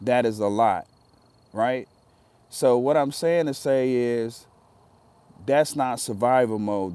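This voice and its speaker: Man, earnest, casual storytelling, repeats himself for emphasis, mid pitch. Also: normal speed, dark tone.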